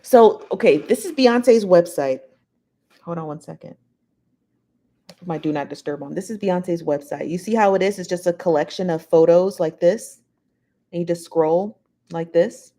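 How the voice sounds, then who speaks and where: A woman's voice: fairly low pitch, moderate pace, warm tone. A woman hosting a live show, chatting casually and reading out viewer comments in a rambling, gossipy way, full of fillers.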